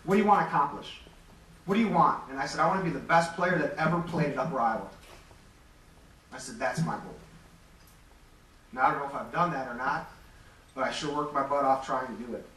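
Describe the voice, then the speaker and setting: A man's voice: mid-range voice, brisk, pauses often, sharp tone. A man around forty from Metro Detroit, telling candid, self-deprecating stories as a Hall of Fame inductee giving an acceptance speech. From Metro Detroit, Michigan. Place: large hall. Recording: echoey hall, distant mic, faint hum.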